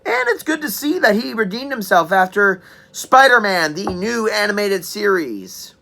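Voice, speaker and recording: A woman in her twenties giving a chatty, joking game review and clearing her throat now and then. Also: mid-range voice, very animated, moderate pace, pushed and bright. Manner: chatty, enthusiastic, joking asides. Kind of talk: casual spoken review.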